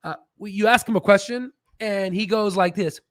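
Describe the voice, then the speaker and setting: A man hosting a casual stock market livestream, animated and swearing, with stammering restarts. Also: high voice, normal speed, dry recording, studio quality.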